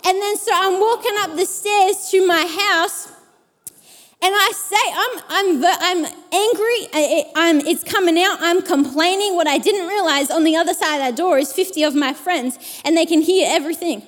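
A woman preacher giving a sermon, telling a personal story in an animated way and acting out the people in it. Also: very high voice, normal speed, big-room sound. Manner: animated, acts out the people in her stories.

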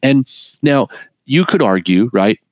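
A middle-aged man speaking as an interview guest, telling his story in an earnest, animated way with frequent laughs and restarts. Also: medium pitch, measured pace, no echo. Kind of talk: earnest conversational testimony.

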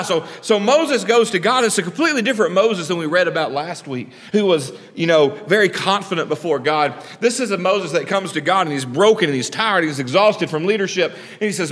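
A man pastor delivers a sermon in a high, bright-pitched voice. He speaks conversationally, tossing questions to the congregation and acting out the people of his story. The sound carries a long echo from a large hall. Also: fairly quick, few pauses. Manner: animated preaching, drops low and quiet for God's lines.

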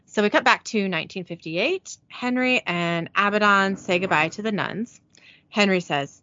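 A woman's voice: medium pitch, moderate pace, bright, forceful tone, no room sound, dull audio. A woman co-hosting a podcast, narrating an episode's scenes and dialogue, then chatting casually and laughing with her co-host. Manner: reads out scene dialogue with light voicing, giggly. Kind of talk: casual recap narration and chat.

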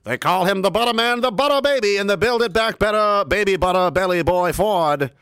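A booming, old-fashioned boxing ring announcer, as a man puts him on for laughs. He belts out his lines in a high, theatrical 1950s radio style, stretching each word. The delivery is loud and dry, with no room sound around it. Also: a little fast, clean tone, dry recording. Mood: hyping. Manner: hyping up a fighter with mock titles.

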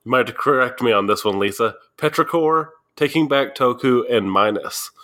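A man's voice: medium pitch, expressive, normal speed, sharp tone. A man co-hosting a podcast panel, introducing guests with light jokes in casual chat. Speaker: podcast co-host.

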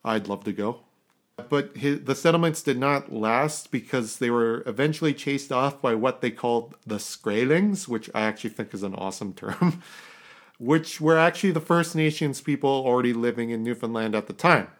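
A man's voice: mid-range voice, moderate pace. A man from Canada hosting a casual history podcast, rambling, correcting himself and chuckling at his own asides. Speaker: podcast host.

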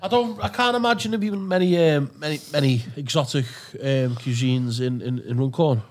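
A man's voice: mid-range voice, normal speed, a little mellow. A man, co-hosting a podcast with teasing, chatty banter. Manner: teasing, chatty, says mate a lot. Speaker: podcast co-host. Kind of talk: casual banter.

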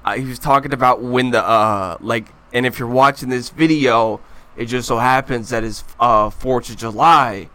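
A man's voice: medium pitch, normal speed, pushed and bright, smooth. A young man co-hosting a casual comedy podcast, rambling through stories and laughing often. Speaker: podcast co-host.

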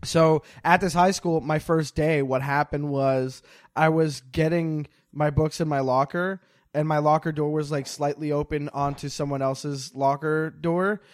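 A man's voice: a little high, steady tone, no echo. Joking man, dry close sound. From Montreal, Quebec. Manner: loose, joking, quick asides with mock bravado. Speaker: comedian guest. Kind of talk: casual podcast chat. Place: parents' basement, remote call.

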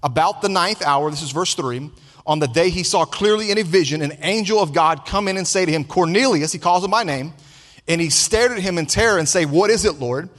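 A man's voice: sits high, fairly quick, fairly bright tone. A male pastor preaching a sermon, calling for responses from his congregation and repeating himself for emphasis. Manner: preaching with call-and-response, repetitions. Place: church sanctuary with congregation. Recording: long reverb of a large hall.

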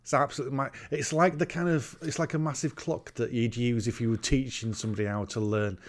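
A man's voice: mid-range voice, steady tone, fast talker. Wry man recapping a film. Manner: wry, meandering recap with fillers and laughs. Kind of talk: casual comedic chat.

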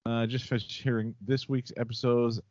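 A man hosting a podcast, casually reading out listener comments in a relaxed, chatty way with hesitant fillers. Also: mid-range voice, normal speed, no room sound. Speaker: podcast host. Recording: dull lo-fi dry sound.

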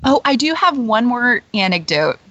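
A woman's voice: a little high, sing-song, normal speed, fairly bright tone, dry recording. Chatty woman telling stories, laughing. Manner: chatty storyteller, many fillers, laughs often. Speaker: guest, former theme-park character performer. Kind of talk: casual interview chat. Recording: dull lo-fi dry recording.

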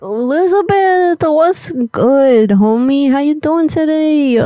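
A woman voicing a brash, stoned party girl who talks fast in crude street slang on a prank call. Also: high voice, expressive, mellow, dry recording, pitched above the performer's own voice. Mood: pushy. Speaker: prank caller.

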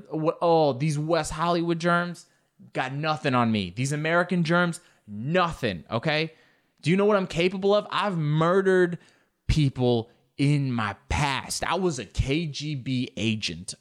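A man's voice: a little high, measured pace, natural voice. A man voicing a blunt, boastful older ex-KGB tough guy with an Eastern European accent. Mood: defiant.

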